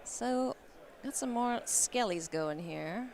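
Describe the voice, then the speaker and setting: Lively, playful woman commentating a card game. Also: slow, slight background noise. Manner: playful, laughs often, animated swings in pitch. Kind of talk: live tournament commentary. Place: convention hall.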